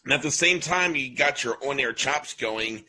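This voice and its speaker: A man co-hosting a podcast, calmly recapping a guest's career and asking questions. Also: medium pitch, low-quality recording. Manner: measured, recaps career facts. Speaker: podcast co-host. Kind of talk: interview questions.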